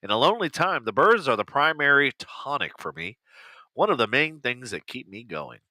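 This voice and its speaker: A man's voice: mid-range voice, big pitch swings, normal speed, bright, forceful tone, dry recording. A man co-hosting a podcast, reading posts aloud in casual chat, swearing freely and laughing along. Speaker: podcast co-host.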